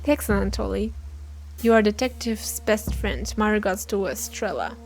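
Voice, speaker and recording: A woman's voice: mid-range voice, animated, normal speed, a little mellow, close to an everyday voice. A woman voicing a male raccoon private detective who asks questions in a dry, businesslike way. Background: game music.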